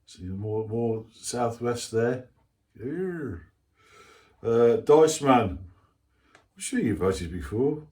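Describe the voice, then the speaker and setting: A man's voice: mid-range voice, darkish tone. An older man hosting his hobby channel, chatting casually and reading out viewer comments in a rambling, self-mocking way with lots of asides.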